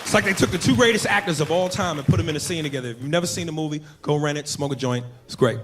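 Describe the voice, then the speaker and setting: Profane stand-up comic, loud crowd. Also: male voice, a little high, very fast, background noise. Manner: loose, profane storytelling with bursts of shouted impressions. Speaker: stand-up comedian. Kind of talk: stand-up comedy set. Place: comedy club stage. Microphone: handheld stage mic. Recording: live club recording with crowd laughter.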